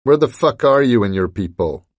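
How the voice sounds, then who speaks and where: A man's voice: fairly low pitch, moderate pace, dark tone, no echo, clean studio sound, lightly acted. A man voicing a paranoid, foul-mouthed male boss who swears and demands in a storybook reading. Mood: angry.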